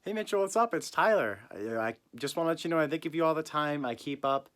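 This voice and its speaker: A man's voice: fairly high pitch, animated, quick pace, fairly bright tone. A young man, a former camp counselor, giving an earnest video message full of you-knows.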